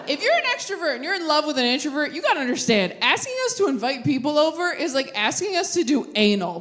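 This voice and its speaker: A woman's voice: a little high, animated, a little fast, echoey room, very noisy. A young adult woman doing stand-up comedy, sarcastic and self-deprecating, live on stage. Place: live comedy venue before an audience. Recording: live show with loud crowd laughter.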